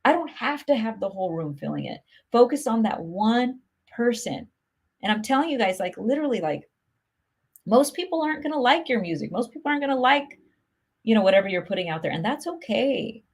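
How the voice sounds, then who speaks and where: A woman's voice: a little high, very animated, fairly quick, husky. A woman hosting a casual livestream, answering viewers' comments in a chatty, upbeat way full of "like" and "you know". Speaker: music promotion host answering live comments.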